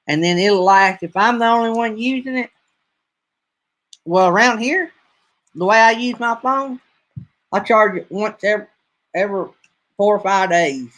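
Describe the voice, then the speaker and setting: Speaking in a high, fairly bright voice at a moderate pace, this livestream host pauses often. He's a Southern-accented North Alabama man in his fifties, rambling folksily as he chats casually with viewers.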